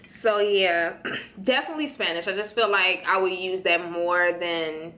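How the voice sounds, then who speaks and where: A bright, clear-toned young woman from Chicago talks casually and in a slangy way straight to her viewers, calling them y'all. Her voice bounces around a roomy, echoey space. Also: medium pitch, fairly even intonation, measured pace. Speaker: vlogger answering viewer questions. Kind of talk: casual chat.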